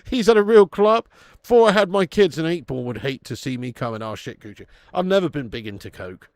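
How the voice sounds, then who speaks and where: A man's voice: a little high, animated, moderate pace, dry recording. A man hosting a live football watch-along, swearing freely and laughing as he reads out viewer messages.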